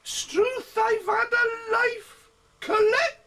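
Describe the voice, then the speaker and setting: An older man reciting his own comic verse in a put-on voice, playing a daft old hoarder who lives in his cellar; the voice is high, quavering and strained, as if half laughing. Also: fairly even intonation, takes it slowly, pushed and bright, distant mic, full character voice. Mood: wailing comic. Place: home.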